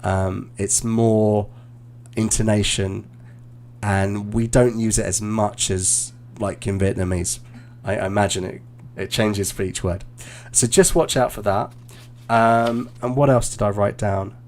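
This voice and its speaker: A male English teacher giving relaxed, encouraging feedback on a mock speaking test over a live stream, with frequent fillers and restarts. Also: on the low side, a little slow, slight background noise. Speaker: IELTS teacher and examiner.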